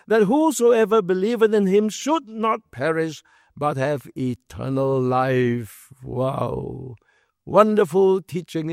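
A man's voice: a little high, gravelly, no room sound, studio quality. A man preaching a sermon through a Bible passage, emphatic and full of rhetorical questions.

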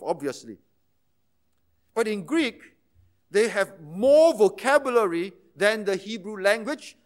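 A man preaching a sermon, moving between quiet explanation and impassioned, emphatic retellings, sometimes dropping almost to a hush. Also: sits high. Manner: impassioned, rising to emphatic intensity then dropping to near-hushed tones.

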